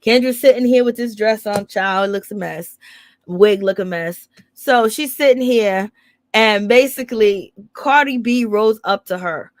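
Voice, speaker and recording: A woman's voice: medium pitch, unhurried, no echo. Sassy gossiping woman, dry close mic. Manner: animated, laughing, sassy slang. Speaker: reality TV recap commentator. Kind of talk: casual gossip recap.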